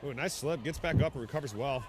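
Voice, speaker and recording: A man in his thirties giving casual, excitable live rugby commentary outdoors. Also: mid-range voice, fast talker, a crowd in the background. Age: 30s. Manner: chatty, excitable, bursts into shouts on big plays.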